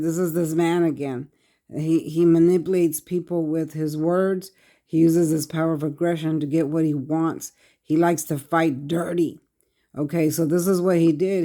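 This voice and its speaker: A tarot reader, talking to viewers in short, halting, repetitive bursts of earnest speech. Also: mid-range voice, dark tone. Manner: earnest, addresses viewers directly. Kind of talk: tarot card reading monologue.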